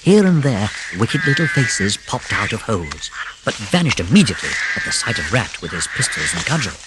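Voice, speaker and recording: An audiobook narrator reading a classic storybook, expressive, with whispered moments of suspense. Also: mid-range voice, brisk, very noisy.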